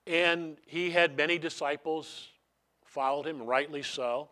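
A male pastor with a bright, forceful voice preaches conversationally and leans on repeated phrases. He talks to his listeners as if in casual chat, then turns to prayer. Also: fairly high pitch, steady tone, a little slow. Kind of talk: sermon.

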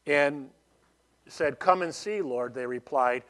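Slow-talking male preacher, conversational. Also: medium pitch, fairly bright tone. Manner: conversational preaching, frequent restarts and "you know". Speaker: pastor. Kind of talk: sermon.

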